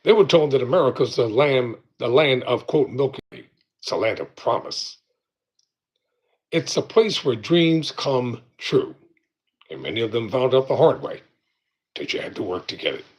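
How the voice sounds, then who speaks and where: A man hosting his own show, talking in a slow, deliberate, preaching style with pauses. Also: medium pitch, big pitch swings. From United States. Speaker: show host. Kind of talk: monologue commentary.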